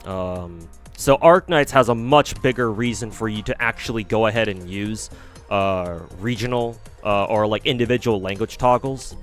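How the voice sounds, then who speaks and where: A man's voice: lowish voice, moderate pace, faint music behind. A man streaming a game, rambling through casual commentary with frequent swearing. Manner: rambling, profane.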